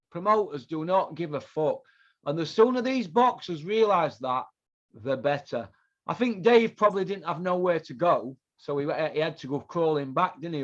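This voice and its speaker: A man's voice: a little high, fairly bright tone. A man hosting his own show, ranting angrily and swearing heavily about boxing. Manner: profane, heated, repetitive ranting. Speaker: podcast host. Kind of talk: angry ranting commentary. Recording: dull lo-fi sound.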